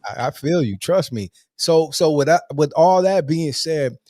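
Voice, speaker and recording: A man's voice: on the high side, expressive, measured pace, mellow, no echo. A man hosting a live interview show, talking casually and reassuringly with repeated phrases. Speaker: host.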